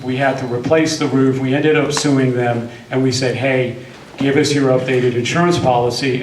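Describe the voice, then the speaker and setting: A man's voice: medium pitch, a little mellow, distant mic, slight background noise. Man speaking in an echoey meeting hall. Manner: conversational, tells cautionary stories. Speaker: construction attorney on a panel. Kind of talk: panel presentation.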